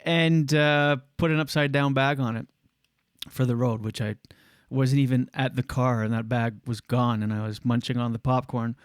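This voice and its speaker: A man's voice: medium pitch, steady tone, normal speed, clear, resonant tone, no echo, clean studio sound. A man telling a rambling jokey story. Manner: rambling, jokey, acts out voices. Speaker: podcast host. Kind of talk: casual storytelling chat.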